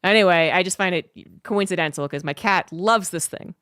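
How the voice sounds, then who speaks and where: A woman's voice: on the low side, normal speed, a bit bright, clear, resonant tone, no echo, studio quality. A woman streamer in a casual livestream chat, telling a rambling, cursing story.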